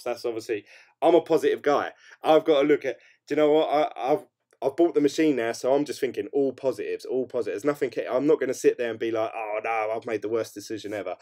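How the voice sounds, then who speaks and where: A young crypto mining streamer with a medium-pitched, dark-toned voice chats casually on a late-night livestream. Upbeat and rambling, he reads out viewer comments with lots of hedges and fillers.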